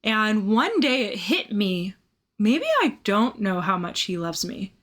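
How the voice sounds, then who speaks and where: A woman co-hosts a faith podcast in a candid, conversational way. She tells stories with animated, self-mocking humor and laughs often. Her pitch sits in the middle of the range. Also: takes it slowly. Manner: animated storytelling, laughs at herself. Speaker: podcast co-host.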